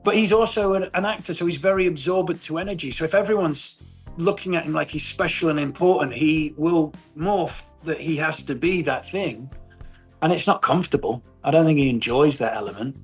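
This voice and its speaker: A man's voice: a little high, brisk, soft background music. A middle-aged man in a casual interview, telling stories with animation, swearing and laughing often. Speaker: actor guest.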